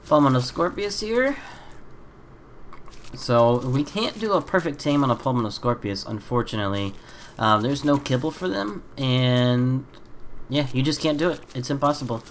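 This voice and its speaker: A man hosts a relaxed gameplay video in a stuffy, congested voice, as if he has a cold. He talks loosely and rambles, with plenty of ums and uhs between thoughts. His pitch sits in an ordinary middle range. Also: a little hiss or hum. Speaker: gaming channel host. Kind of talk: casual gameplay commentary.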